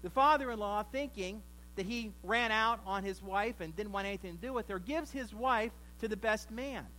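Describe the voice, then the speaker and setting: A man's voice: sits high, normal speed, sharp tone, rough recording. A man preaching a sermon, retelling a story conversationally with wry asides.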